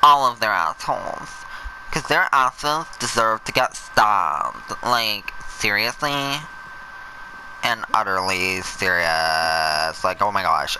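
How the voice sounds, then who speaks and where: A man giving sassy, camp, over-the-top commentary while playing a game, with sudden shouted bursts. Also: lowish voice, lively intonation, slow, slight background noise, poor audio. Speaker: gameplay commentator. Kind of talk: let's play commentary.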